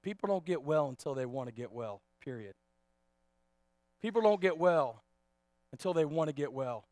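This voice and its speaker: A man in his thirties preaching a sermon as pastor, animated and repetitive, joking with the congregation. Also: fairly high pitch, normal speed, no echo, studio quality. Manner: animated, repeats words, jokes with congregation.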